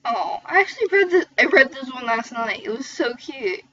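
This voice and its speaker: A woman's voice: sits high, expressive, normal speed, fairly bright tone, dull audio. A teenage girl reading fan fiction aloud with giggly, chatty asides. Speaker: reader.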